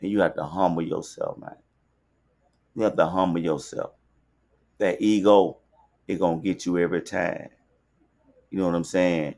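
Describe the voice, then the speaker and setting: A man's voice: low-pitched, fairly even intonation, normal speed, long pauses, a little mellow. A man from Alabama with a Southern accent, hosting a podcast in a loose, repetitive, preachy street-talk monologue from a studio. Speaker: podcast host. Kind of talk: casual livestream monologue.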